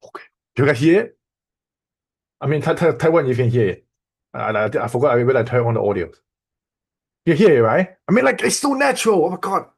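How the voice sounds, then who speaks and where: A man walking students through a software tool in a loose, repetitive teaching style, checking in often with "okay?" and "right?". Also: mid-range voice, big pitch swings, brisk, creaky, pauses often, husky. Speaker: online course instructor. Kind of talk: casual screen-share tutorial.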